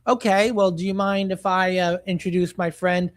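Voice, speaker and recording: Young male streamer, high voice, dry close sound, laid-back host reading chat and polls. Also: moderate pace, dry recording. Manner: relaxed, reads chat and polls aloud, retells comedy sketches. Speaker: co-host of a movie reaction stream. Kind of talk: casual live-stream chat.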